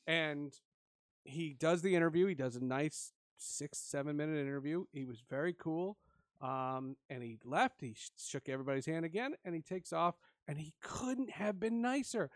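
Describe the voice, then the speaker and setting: A man casually telling an animated story with frequent laughs. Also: a little high, normal speed, no echo, studio quality.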